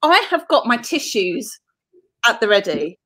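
A woman's voice: fairly high pitch, big pitch swings, unhurried, pushed and bright. A woman from southern England hosting a casual live-stream chat, chatty and enthusiastic with casual swearing. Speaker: host.

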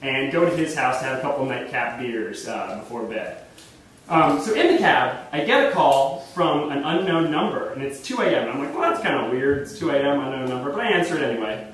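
A young man telling a funny story live on a theater stage, chatty and animated. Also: mid-range voice, a little fast, slight background noise. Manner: animated, chatty, full of fillers and restarts. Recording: echoey live stage recording from far off.

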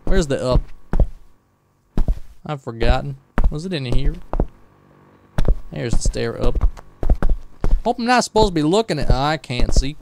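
A man voicing a folksy, rough country man during gameplay, with an uneven put-on country drawl. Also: mid-range voice, animated, measured pace, pauses often, heavy background noise. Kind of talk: in-character gameplay commentary.

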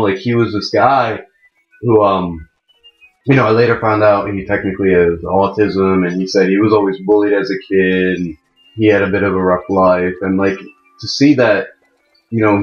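A young man of about eighteen hosting a let's play, giving chatty, rambling commentary that keeps correcting itself. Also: sits low. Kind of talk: casual gameplay commentary. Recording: muffled mic in a wrong jack, echoey room. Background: faint game music.

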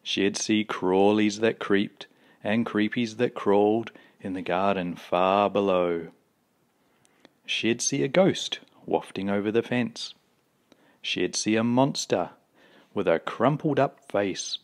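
A man reading a children's picture book aloud, with slow, expressive storytelling. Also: fairly low pitch.

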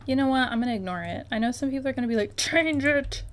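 Rapid-fire and fairly high-pitched, a young woman offers bubbly, exclaiming commentary while playing a life-sim game for her YouTube channel. She keeps speaking straight to the on-screen objects.

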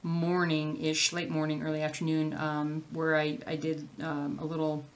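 Chatty, rambling woman, slightly low voice. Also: completely flat delivery, moderate pace. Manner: rambling, easily sidetracked, chatty. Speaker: cross-stitch channel host. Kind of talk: casual chat to camera.

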